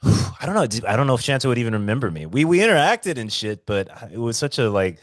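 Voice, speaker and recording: A man's voice: mid-range voice, very animated, fast talker, dry recording, studio quality. A young man hosting a podcast, laid-back and casually swearing, calling his guest man and brother. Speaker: podcast host. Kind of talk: casual chat.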